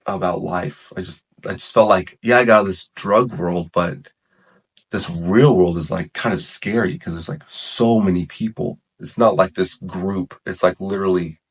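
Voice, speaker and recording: A man with a very low voice tells his story of coming to faith in relaxed, conversational talk. He rambles, corrects himself mid-sentence and peppers his speech with "like" and "man". It sounds like an unscripted chat with a listener. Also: moderate pace, slightly rough. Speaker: guest sharing his testimony. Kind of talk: casual testimony chat.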